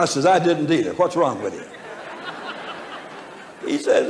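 A man's voice: a little high, very animated, moderate pace, a little mellow. A man preaching a storytelling sermon, folksy and humorous, chuckling as he talks, recorded in an echoey church hall. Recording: echoey hall with faint room noise.

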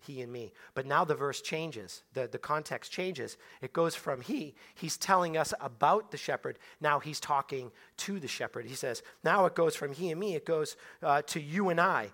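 A man preaching a sermon, repeating words and swinging from hushed tones to loud, slow scripture quotes. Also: on the high side. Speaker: pastor.

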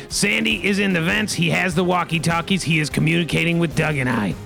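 A high, bright male voice with a gravelly edge, running an improv comedy game as game master. He announces each twist theatrically and leans on a rhyming catchphrase, with faint music behind him. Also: brisk, few pauses.

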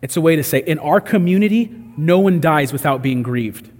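A man's voice: on the high side, animated, moderate pace, darkish tone, big-room sound. A man preaching a sermon in a conversational way, acting out the voices he quotes. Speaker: pastor.

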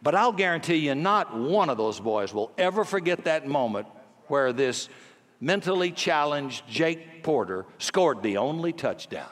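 An older man preaching a sermon, telling a story with a voice that swings from hushed to emphatic. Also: a little high, lively intonation, measured pace, big-room sound. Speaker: pastor.

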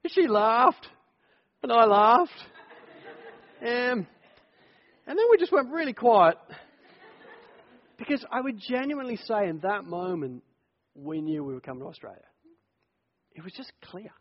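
A middle-aged pastor with a high-pitched voice preaches a sermon, slipping easily into lively personal stories. His voice rings out through a long hall echo. The recording sounds dull and lo-fi. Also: measured pace, long pauses. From United Kingdom. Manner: conversational, animated storyteller.

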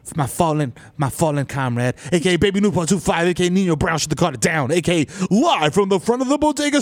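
A man hosting a comedy podcast, riffing rapid-fire with hype-man bravado and profane slang, swinging from booming to mumbling. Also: big pitch swings, no echo. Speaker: podcast host. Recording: faint music behind.

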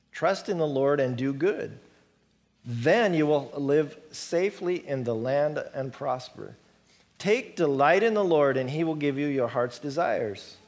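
A middle-aged male pastor giving a conversational sermon, repeating words for emphasis and lifting his voice on key points. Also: a little high. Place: church sanctuary.

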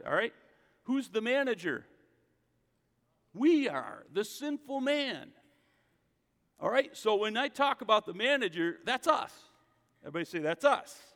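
A man's voice: high-pitched, creaky, a bit bright. A man preaching a casual sermon, talking conversationally and calling on the congregation to repeat after him. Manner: conversational, calls for congregation responses. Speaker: pastor. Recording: echoey hall.

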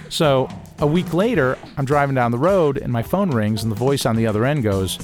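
A man telling a personal story in a casual, animated way, mimicking the voices of people he quotes and chuckling now and then. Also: medium pitch, brisk, faint music behind.

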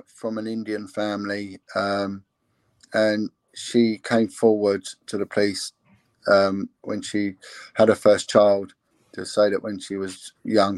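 A man's voice: fairly low pitch, a little mellow, no room sound. A man, a former police investigator, talking earnestly in an interview with many restarts and fillers. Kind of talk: candid interview talk.

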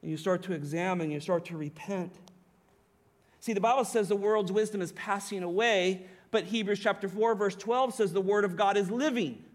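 A pastor preaching with a notably high-pitched voice. He leans hard on key words and keeps asking the congregation rhetorical questions. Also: normal speed. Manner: emphatic preaching, rhetorical questions, occasional laughs. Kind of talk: sermon.

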